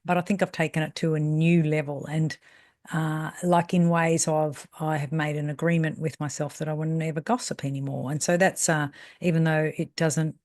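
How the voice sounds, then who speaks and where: A woman's voice: sits low, flat delivery, normal speed, darkish tone, dry recording, clean studio sound. Chatty woman in her fifties. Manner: chatty, rambling, with fillers and self-corrections; acts out voices in quoted speech. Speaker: salon business mentor. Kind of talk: casual storytelling monologue.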